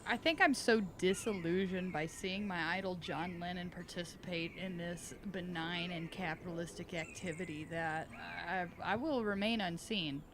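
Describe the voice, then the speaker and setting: A woman's voice: on the low side, moderate pace, hardly any pauses, background noise. Wry woman playing a tabletop game. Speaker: player. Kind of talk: casual tabletop role-play.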